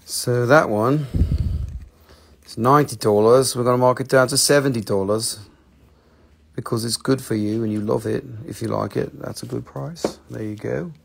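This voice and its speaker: A man's voice: medium pitch, fairly even intonation, moderate pace, vocal fry, a little hiss or hum. A man hosting a live online sale, talking casually and enthusiastically, rambling and swearing now and then. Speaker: host selling rocks and minerals on a live stream. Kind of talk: casual live sales chat.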